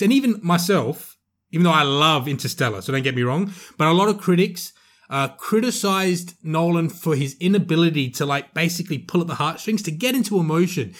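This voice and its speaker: Chatty male podcast co-host, slightly high. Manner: chatty, emphatic, self-correcting. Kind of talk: casual movie review chat.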